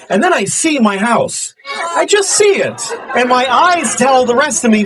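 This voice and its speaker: A man's voice: very high voice, lively intonation, fairly quick, heavy background noise. A man doing a stand-up routine, telling crude, self-mocking stories with a lot of swearing. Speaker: stand-up comedian. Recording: laughing crowd behind.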